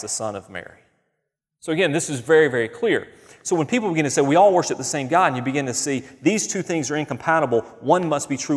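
Male pastor, mid-pitched voice, conversational and emphatic sermon, long hall reverb. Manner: conversational, emphatic, reads scripture aloud. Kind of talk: sermon teaching.

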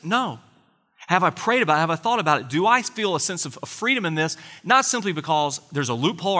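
Man, pastor, sermon, earnest conversational preaching, rhetorical questions, bright forceful voice, long hall reverb. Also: fairly high pitch.

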